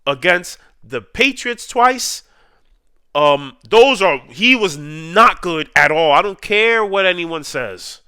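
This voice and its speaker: A man's voice: a little high, pushed and bright, smooth, no echo, clean studio sound. A man delivering an emotional, heated fan rant about his football team, repeating points for emphasis. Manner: heated, repetitive, drawn-out emphasis. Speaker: sports YouTuber ranting.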